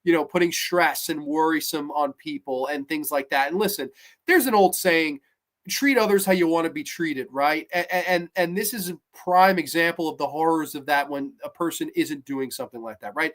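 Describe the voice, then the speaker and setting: A man hosting a podcast, talking through a horror episode in a casual, animated way, with lots of restarts and blunt asides. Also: a little high, moderate pace. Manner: animated and chatty, many restarts, asks "right?". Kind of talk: casual spoken review.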